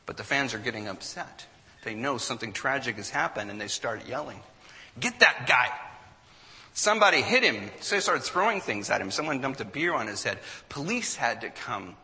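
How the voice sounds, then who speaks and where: A man telling a story to an audience in an animated way, acting out what people said. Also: mid-range voice, a little fast, long reverb tail. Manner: animated storyteller, acts out quotes.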